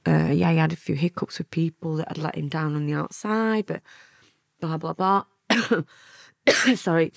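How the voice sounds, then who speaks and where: A woman's voice: low-pitched, steady tone, moderate pace, creaky, dry recording. Lancashire woman in her fifties, interview guest, chatty storyteller who laughs and acts out what people said, dry close mic. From England.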